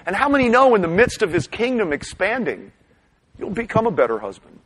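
A middle-aged man preaching a sermon, animated, swinging between loud bursts and hushed asides. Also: sits high, fairly quick, slightly rough, rough recording. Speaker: pastor.

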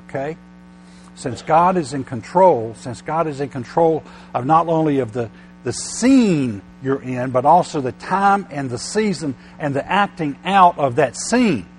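A man preaching a sermon, often restarting his words, slow and halting at first and then building to loud, emphatic passages. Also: medium pitch, slight background noise, rough recording.

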